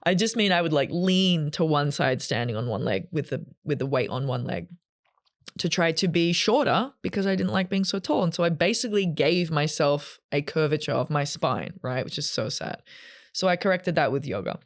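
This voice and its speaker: A woman's voice: low voice, animated, normal speed. A woman hosting a solo podcast from a green room, telling a personal story in a candid, rambling, emotional way with many fillers. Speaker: podcast host.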